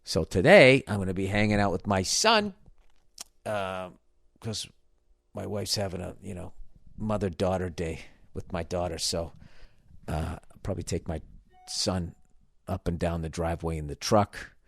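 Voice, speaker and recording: A man's voice: low-pitched, unhurried, creaky, pauses often, dry recording. A man hosting a podcast, telling a story in a casual, profane, self-mocking rant. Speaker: podcast host.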